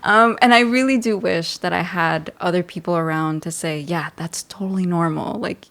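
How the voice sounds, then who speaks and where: A young woman moderating a casual panel discussion, telling stories with lively acted-out quotes. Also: normal speed, vocal fry. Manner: animated storyteller, acts out quotes in a high voice.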